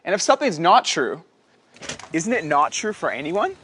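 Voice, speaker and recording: A man presenting a scripted video lesson in a clear, explanatory way. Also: on the high side, very animated, moderate pace, fairly bright tone, slight background noise.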